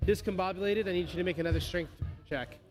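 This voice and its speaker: A man running a tabletop game, narrating the action in a loose, rambling way. His voice sits fairly high for a man, and faint music plays behind him. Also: fast. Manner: loose, many fillers, laughs often. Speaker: game master.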